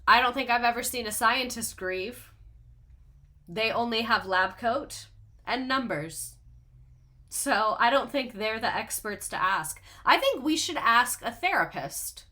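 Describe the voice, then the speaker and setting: Young woman vlogger, bright voice, sarcastic, swears casually, gets emotional fast. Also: on the high side, lively intonation. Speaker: video host. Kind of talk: casual commentary over clips.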